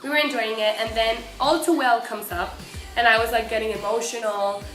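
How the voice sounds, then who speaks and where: A young woman from Mexico, excitedly telling a story as a vlogger, with lots of filler words. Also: on the high side, a little fast. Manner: excitable, gushing, many fillers. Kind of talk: casual storytelling. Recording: echoey room with faint music.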